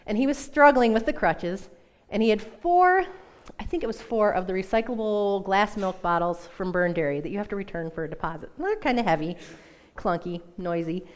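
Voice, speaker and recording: A woman, around her thirties, giving a personal testimony in a church talk, telling it in a lively, self-mocking way with laughs. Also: medium pitch, moderate pace. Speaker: church speaker.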